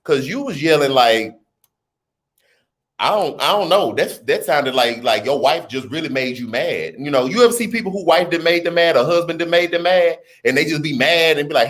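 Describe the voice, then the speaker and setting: An animated man hosts a casual live stream, his voice bouncing high and low as he riffs on viewer comments. He talks in relaxed slang and often breaks into laughter, and his voice sits a little higher than most men's. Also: moderate pace. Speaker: livestream host.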